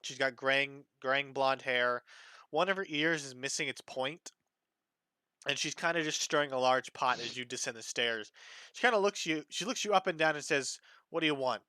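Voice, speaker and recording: A man narrating as game master of a tabletop game over voice chat, relaxed and halting. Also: medium pitch, clean tone, dry recording.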